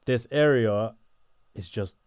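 Laid-back South London man, low voice. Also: slow pace, a little mellow, no room sound, clean studio sound. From Botswana, raised in southeast London. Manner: laid-back, chatty, laughs often, repeats words. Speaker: interviewee. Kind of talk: casual interview chat.

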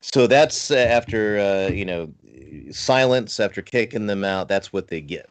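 A man's voice: lowish voice, measured pace. A man speaking earnestly over a video call as a guest on a livestream panel, with frequent fillers and restarts. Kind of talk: casual discussion on a livestream panel.

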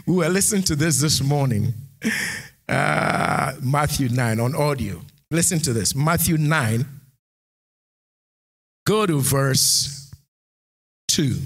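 A man preaching a sermon who reads scripture aloud and builds into shouted, sing-song exhortation. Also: medium pitch, husky. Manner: reads scripture aloud, King James phrasing. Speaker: pastor.

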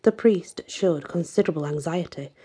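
Woman storyteller for a folk legend: low, slow, husky, whispery and dramatic. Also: mellow. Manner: dramatic, often sinking to a breathy whisper. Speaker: narrator. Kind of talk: reading a folk legend aloud.

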